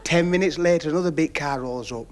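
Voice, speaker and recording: A man's voice: a little high, quick pace. A man telling a long stand-up story, chatty, with confiding asides, on a 1970s television recording. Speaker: stand-up comedian.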